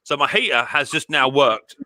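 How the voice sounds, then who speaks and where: A British man with a husky voice, chatting casually and rambling on a live stream from a small cold workshop shed. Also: mid-range voice, lively intonation, moderate pace, pushed and bright, no room sound. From Britain. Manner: chatty, rambling with restarts and fillers. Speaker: live stream host, mower repairer. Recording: dry, close studio mic.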